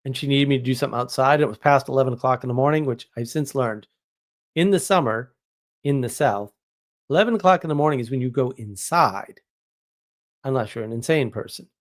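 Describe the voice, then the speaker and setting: A New England man with a medium-pitched voice hosts a live stream, reading the chat and answering viewers at a brisk clip. He rambles casually and jokes with exaggeration.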